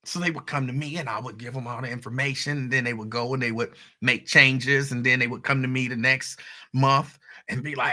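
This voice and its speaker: A man's voice: mid-range voice, a little fast. A man hosting a show, telling stories from his radio career in a casual, conversational way and speaking straight to his listeners. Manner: conversational storytelling, animated asides to listeners. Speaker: radio host. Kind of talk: casual monologue.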